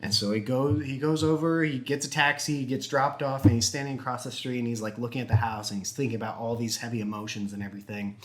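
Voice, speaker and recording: A young man casually telling a long, rambling joke as a YouTube host, slipping into quick character voices. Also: medium pitch, fairly even intonation, fairly bright tone. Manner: rambling, giggly, acts out characters in quick snippets. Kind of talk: casual storytelling.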